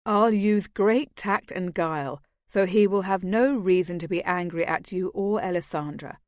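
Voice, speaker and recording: A woman voicing a calm, soothing young nobleman in an audiobook. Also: lowish voice, moderate pace, no echo, clean studio sound, lightly acted. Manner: smooth and soothing. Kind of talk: audiobook character voice.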